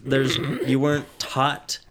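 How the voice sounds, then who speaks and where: A man's voice: mid-range voice, completely flat delivery, slow, background noise. A young man co-hosting a podcast in casual chat, joking, laughing often and trailing off mid-sentence. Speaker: podcast co-host.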